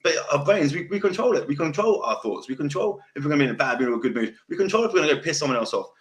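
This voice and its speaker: A man's voice: on the high side, animated, racing. A young man with a South London accent hosting a podcast, chatting casually in a rambling, sweary way and repeating himself. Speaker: podcast host. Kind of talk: casual chat.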